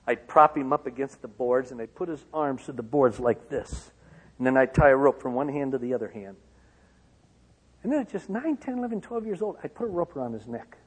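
A man from Michigan giving a personal testimony to an auditorium, swinging from loud outbursts to hushed lines. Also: mid-range voice, breathy edge. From Michigan, USA. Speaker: speaker. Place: large auditorium. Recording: long hall reverb.

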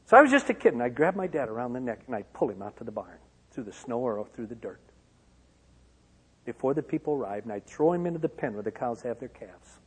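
A man from Michigan giving a personal testimony to an auditorium, swinging from loud outbursts to hushed lines. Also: medium pitch, very animated, fast, slightly rough. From Michigan, USA. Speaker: speaker. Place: large auditorium. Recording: long hall reverb.

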